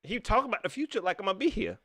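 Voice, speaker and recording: A man hosting a casual live-stream sports talk show, animated and repeating phrases, often laughing. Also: high-pitched, racing, creaky, dry recording, clean studio sound. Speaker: sports fan show host.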